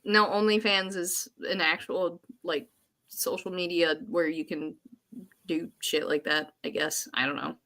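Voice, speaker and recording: Woman on a chatty podcast, bright voice, gets really animated acting stuff out. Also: lowish voice, measured pace. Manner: animated storyteller who acts out her own panic. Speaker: podcast co-host. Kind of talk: casual chat.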